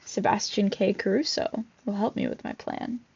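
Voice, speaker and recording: A woman's voice: medium pitch, steady tone, moderate pace, vocal fry, darkish tone, slightly rough. A woman voicing an adventurous male inventor hero in a put-on British accent, eagerly exclaiming his plans from a storybook. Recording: dull lo-fi recording.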